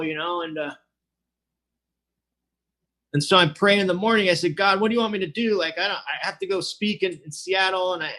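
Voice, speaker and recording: Man in his forties, casual personal talk, slightly high voice, loose and rambling delivery. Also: a bit bright. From Southern California. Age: 40s. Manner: casual, rambling, many fillers and restarts. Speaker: recovery meeting speaker. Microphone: online meeting.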